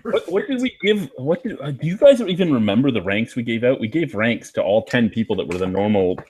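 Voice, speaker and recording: A man on a casual group video call keeps pushing the others with the same questions. His pitch sits mid-range and moves around a lot. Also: very animated, brisk, a little mellow, husky. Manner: questioning, persistent. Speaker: video chat panelist.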